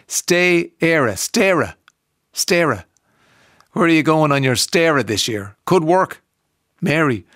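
Gravelly Irish radio host, chatty. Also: male voice, mid-range voice, fairly bright tone, no room sound, studio quality. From Ireland. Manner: chatty, reads out listener messages, laughs easily. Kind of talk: casual radio chat. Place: radio studio.

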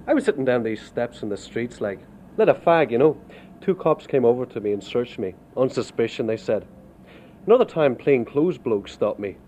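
An Irish man recounts his experiences in a plain, dry storytelling way, his pitch sitting at an ordinary middle for a man. A faint hiss of noise runs underneath his voice. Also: lively intonation, normal speed, mellow. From Ireland. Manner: plain, wry storytelling with local turns of phrase. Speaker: immigrant worker. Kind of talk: storytelling testimony.

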